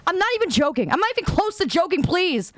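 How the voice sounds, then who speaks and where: Very high, animated streamer woman. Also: fast, no echo, studio quality. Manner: exasperated, pleading, dramatic outbursts. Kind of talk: reactive livestream gaming chat.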